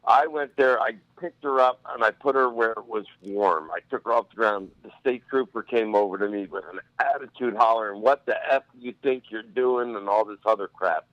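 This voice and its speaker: A man's voice: lowish voice, brisk, hardly any pauses, a bit bright, dry recording. A man from Northeast Pennsylvania, a firefighter and EMT, calling in to a show and telling stories in a loose, rambling way. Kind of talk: phone-in storytelling. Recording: dull dry phone line.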